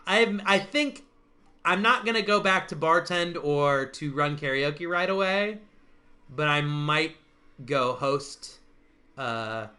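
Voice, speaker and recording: Man, casual chat host, bright voice, rambling, many restarts. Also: a little high. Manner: rambling, restarts, laughs often. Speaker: stream host.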